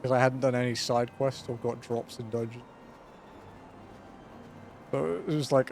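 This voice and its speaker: A man's voice: mid-range voice, steady tone, measured pace, vocal fry, pauses often, darkish tone, slight background noise. A man streaming a video game, chatting casually and laid-back, swearing and chuckling often. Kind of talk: casual gaming commentary.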